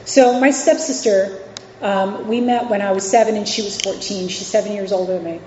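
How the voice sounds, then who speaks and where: A woman's voice: medium pitch, fairly even intonation, moderate pace, a little mellow, slight background noise. A woman in her forties from New York City and Virginia, giving a candid, conversational recovery share as a guest speaker at a meeting, with frequent fillers and restarts. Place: meeting hall. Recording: echoey hall, dull lo-fi sound.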